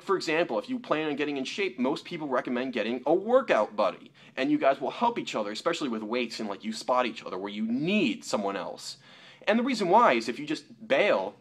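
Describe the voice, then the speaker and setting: A young man talking straight to camera in an opinion vlog, mocking the people he argues with in a lower voice. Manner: animated, mocking quotes in a lower voice. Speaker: YouTuber.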